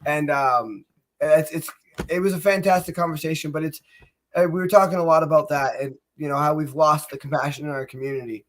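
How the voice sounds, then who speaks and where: Male host, slightly high voice; earnest, halting casual chat. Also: steady tone. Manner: earnest, halting, many restarts and fillers. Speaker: show host.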